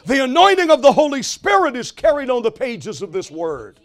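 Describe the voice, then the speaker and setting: A man preaching a sermon, asking the congregation questions and quoting scripture, moving between loud exclamations and quiet passages. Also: extremely high pitch, huge pitch swings, moderate pace.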